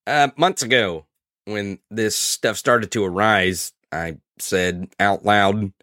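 A man's voice: lowish voice, slow, bright, forceful tone, no room sound, studio quality. A man hosting a political podcast, talking in a profane, sarcastic, mocking way. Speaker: podcast host. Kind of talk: political commentary.

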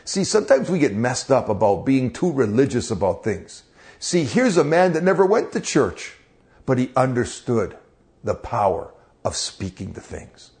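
A man delivers a conversational devotional teaching in a middle-pitched, gravelly voice. He talks earnestly and directly to the listener, asks rhetorical questions and often restarts or repeats words mid-sentence. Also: very animated, moderate pace, a little mellow. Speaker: preacher.

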